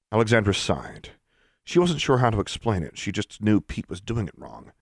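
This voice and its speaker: A man narrating a fantasy story in steady, scripted storytelling. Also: fairly low pitch, moderate pace, gravelly, breathy edge, no echo, clean studio sound. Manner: steady storytelling, lively intonation. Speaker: audiobook narrator.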